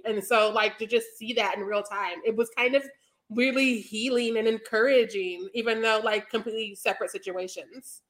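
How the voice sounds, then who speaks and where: Higher-voiced woman cohosting a podcast, candid and jokey, laughs all the time. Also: fairly even intonation, moderate pace, fairly bright tone. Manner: laughs often, playful and candid. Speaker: podcast co-host. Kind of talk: casual chat.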